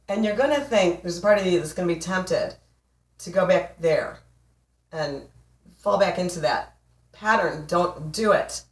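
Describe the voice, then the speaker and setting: Brief: emphatic, playful woman in her forties coaching on love, slightly low voice, roomy. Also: a little slow, far from the mic. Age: 40s. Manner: emphatic, playful, laughs often. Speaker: relationship coach. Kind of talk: motivational talk to camera. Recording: echoey room, voice off mic.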